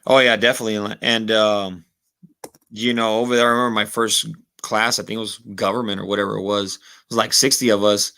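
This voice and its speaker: A man, a guest on a podcast, telling stories in a relaxed, casual way and slipping in Spanish words. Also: lowish voice, fairly quick. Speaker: podcast guest, former football player. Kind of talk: casual conversation.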